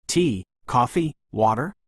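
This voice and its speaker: A man voicing a gracious, elegant woman who speaks warmly and politely as a welcoming hostess. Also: mid-range voice, expressive, takes it slowly, no room sound, studio quality.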